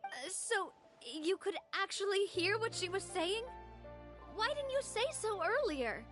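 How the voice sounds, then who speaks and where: A woman voicing a cheerful, playful young woman in a game, teasing and lively. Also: very high voice, a little slow, faint music behind, exaggerated voice. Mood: recounting. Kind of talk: game voice acting.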